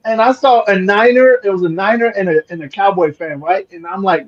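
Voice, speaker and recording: Man, high voice, casual sports chat, swears, says bro, dull lo-fi sound. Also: brisk. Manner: swearing, says bro a lot, tells stadium stories. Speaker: podcast co-host.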